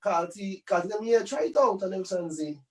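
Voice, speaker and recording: Male musician guest with a high voice, loose chatty storyteller, recorded a bit far from the mic. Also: expressive, quick pace. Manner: loose, rambling, with many tag phrases. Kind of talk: casual storytelling interview.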